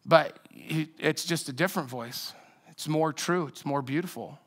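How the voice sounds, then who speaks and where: Man preaching, slightly high voice. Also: moderate pace, fairly bright tone. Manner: conversational, reflective, with restarts. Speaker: pastor. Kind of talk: sermon.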